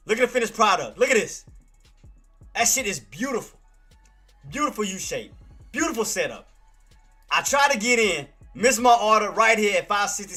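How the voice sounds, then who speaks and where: A man's voice: sits high, bright, forceful tone. A man hosting a live trading stream, talking straight to his chat, repeating himself and swearing freely. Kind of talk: live market commentary.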